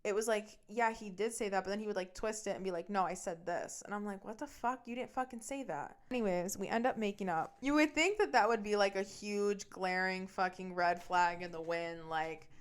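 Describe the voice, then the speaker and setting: A woman's voice: mid-range voice, clean tone. A woman hosting a podcast, telling a story from her own life in a casual way, talking bluntly and swearing often. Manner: fast, animated retelling. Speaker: podcast host.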